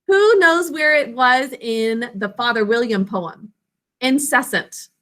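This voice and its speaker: High, bright-voiced woman teaching phonics. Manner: slow, drawn-out enunciation of words and sounds; call-and-response prompting. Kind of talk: phonics and spelling lesson.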